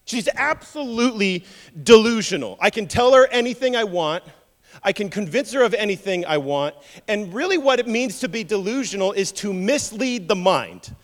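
Joking preacher in an echoing church. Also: male voice, sits high, moderate pace. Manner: animated, joking storyteller who repeats words. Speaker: pastor. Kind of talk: sermon. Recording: long hall reverb.

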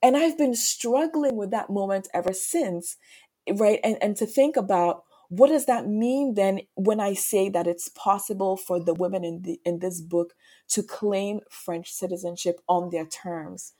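A woman's voice: mid-range voice, a little slow, mellow. A woman from Ghana, a French professor, talking reflectively as a guest in a podcast interview and often checking in with "right?". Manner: reflective, thinking aloud, frequent "right?".

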